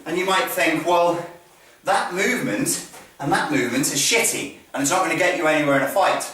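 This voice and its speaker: A man's voice: a little high, brisk, pushed and bright, slight background noise. Guy teaching fighting, swears a lot, sounds far from the mic, super roomy echo. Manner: blunt and profane, swears freely. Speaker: martial arts instructor. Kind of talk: demonstration lesson. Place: training hall. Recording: very echoey hall, mic far off.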